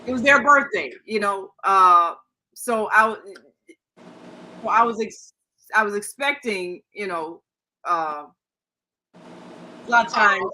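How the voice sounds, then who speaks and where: Bright-toned older woman, rambling. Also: medium pitch, animated, slow, pauses often, a little hiss or hum, rough recording. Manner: rambling, many fillers and restarts, laughs. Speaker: co-host. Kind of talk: casual chat.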